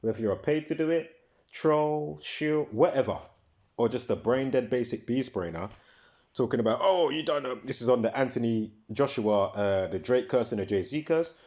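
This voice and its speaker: A man's voice: mid-range voice, moderate pace, a little mellow. A man hosting his own video, talking in a casual rambling monologue, full of fillers and repeats, who swears when heated. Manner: repetitive, filler-heavy, restarts often. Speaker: video host.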